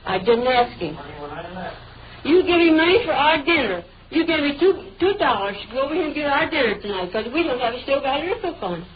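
Agitated high-voiced woman arguing with police. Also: expressive, brisk. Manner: defensive, agitated, mild cursing with informal grammar. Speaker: mother questioned by police. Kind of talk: heated real-life argument. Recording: lo-fi noisy field recording.

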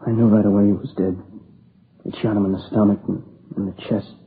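An actor playing a grieving young man who tells, haltingly and in a subdued voice, how his friend was killed, in a radio drama. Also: lowish voice, little pitch movement, close to an everyday voice. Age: young adult. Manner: halting, subdued, plain-spoken. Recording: tinny lo-fi old radio recording with faint hiss.

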